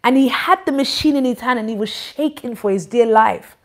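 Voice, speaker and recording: A woman giving an informal church address, animated, teasing and scolding. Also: fairly high pitch, moderate pace. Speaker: church leader.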